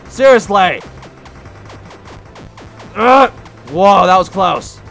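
A young man giving casual gameplay commentary, breaking into frustrated, yelling outbursts at the game. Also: high-pitched, animated, moderate pace, creaky, soft background music. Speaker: let's play gamer.

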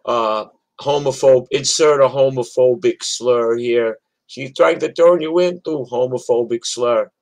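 A man's voice: medium pitch, unhurried, a little mellow, rough recording. An older man from New York telling a personal story in a casual, rambling, profane way, with many restarts.

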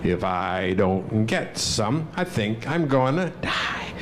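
A man's voice: medium pitch, slow pace, hardly any pauses, a little hiss or hum. A man playfully reciting a children's poem and leading a group through it in turn. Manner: animated, leads a group chant with whispers and loud lines.

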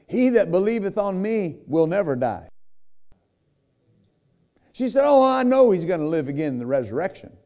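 A pastor preaches a sermon, retelling a scripture story with acted-out quotes and emphatic asides to the congregation, often adding "right?" and "amen?". His warm voice sits high with big pitch swings, at normal speed with long pauses.

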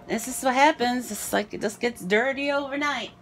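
Breathless chatty woman, high voice. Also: normal speed, background noise. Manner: chatty, rambling, self-deprecating. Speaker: vlogger. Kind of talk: casual chat to camera.

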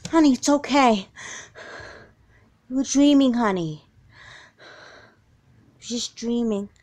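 A woman voicing a patient, caring mother who speaks in a soft, coaxing way in an amateur doll film. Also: on the low side, moderate pace, lightly acted. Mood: soothing. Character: gentle, patient mother, caring but firm.

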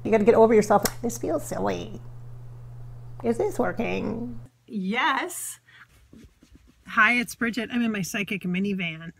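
A woman vlogging casually as a psychic, rambling and sassy, laughing often as she talks out loud. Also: a little high, expressive, measured pace, vocal fry, long pauses. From Minnesota, US. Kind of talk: casual blooper vlog talk. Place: home, car and outdoors.

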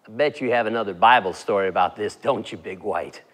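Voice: medium pitch, brisk, fairly bright tone, lightly acted. A performer voicing Johnny, a curious everyday male puppet asking eager questions in a children's church skit. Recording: long hall reverb.

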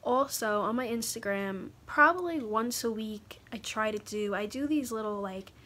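A young woman talking haltingly in a personal confessional vlog, pausing often to collect her thoughts. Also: fairly high pitch, a bit bright. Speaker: vlogger.

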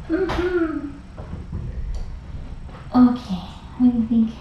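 A woman fostering cats, talking in soft cooing baby talk as she says goodbye to a cat. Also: on the high side, animated, a little slow, long pauses, dull audio. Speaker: cat rescue foster carer. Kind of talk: casual talk on a live cam. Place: indoor room with a cat. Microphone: fixed room camera far off. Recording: echoey room, distant mic, faint hiss.

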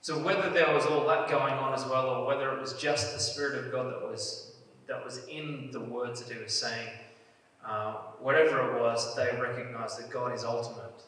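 Pastor, male, mid pitch, earnest sermon delivery, picked up from some way off in a very echoey hall. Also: fairly even intonation, normal speed, a bit bright. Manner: earnest, builds emphasis on key phrases. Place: church hall. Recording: echoey church hall, mic at a distance.

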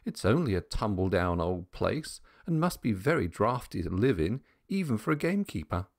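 A man's voice: lowish voice, very animated, normal speed, no room sound, clean studio sound. A man voicing a logical, impatient young governess in an audiobook, asking firm questions. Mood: stern.

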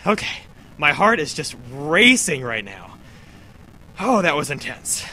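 A man giving excited commentary over a video game playthrough, cheering at the big moments and talking to the characters. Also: fairly high pitch, measured pace, long pauses. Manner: talks to himself and to the characters. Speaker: let's play host.

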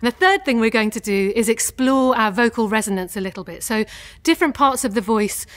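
A woman voice teacher leading a guided vocal warm-up, gentle and encouraging as she demonstrates each sound. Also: on the high side, expressive, fairly quick.

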